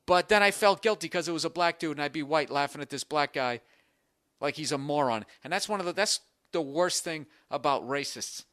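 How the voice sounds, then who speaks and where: A man's voice: fairly high pitch, a little fast, bright, forceful tone, dry recording, clean studio sound. A man hosting a podcast, telling a profane comedic story with mocking voices. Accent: Boston. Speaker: podcast host. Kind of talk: comedic monologue. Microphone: studio podcast mic.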